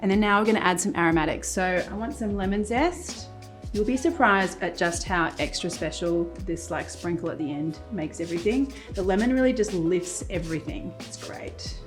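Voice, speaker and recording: Woman cooking at the stove, chatty, talks thru every step, pan sizzling and soft music behind. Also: fairly low pitch, lively intonation, moderate pace. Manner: chatty, explains each step as she cooks. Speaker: cooking show host. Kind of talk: casual cooking demonstration. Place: home-style kitchen, cooking at the stove.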